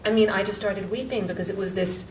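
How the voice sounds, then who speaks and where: A middle-aged woman author telling a story on a panel, halting, with many restarts and fillers. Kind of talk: conversational storytelling. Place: book event room, indoors. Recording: echoey room, mic far off, faint rumble.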